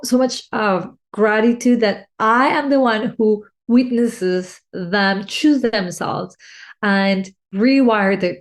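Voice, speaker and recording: A woman life coach talking about personal needs and connection in a solo podcast, heartfelt and emotional, often restarting phrases. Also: mid-range voice. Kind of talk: reflective solo podcast talk.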